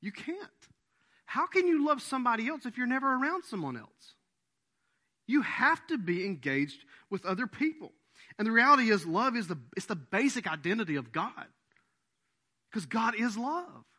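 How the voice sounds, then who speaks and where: A middle-aged man preaches with bright, piercing energy, his pitch riding high and swinging widely from phrase to phrase. He punches key words, acts out silly quoted voices, then sinks low and quiet to land a point. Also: moderate pace. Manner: animated, emphatic preaching with mock quotes and sudden drops to a low voice. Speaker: pastor. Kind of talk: sermon.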